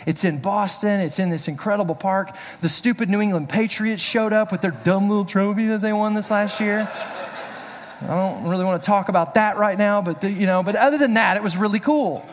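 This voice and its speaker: A middle-aged pastor giving a casual, joking sermon, telling personal stories in a chatty way. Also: male voice, high voice, a little fast. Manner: chatty, storytelling, self-deprecating jokes. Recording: reverberant hall.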